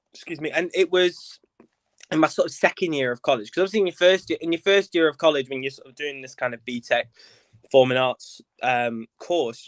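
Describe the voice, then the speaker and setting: In a casual podcast chat, a young Lancashire actor and theatre director, appearing as a guest, discusses how he came to theatre, playful and camp with frequent fillers. His fairly high, slightly bright voice is captured with no room sound.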